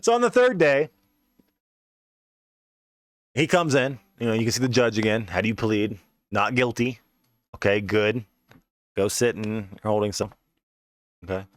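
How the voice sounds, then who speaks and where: A man's voice: medium pitch, no room sound, studio quality. A man telling a story in a casual, rambling, profane way, often saying "you know what I mean". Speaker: podcast host.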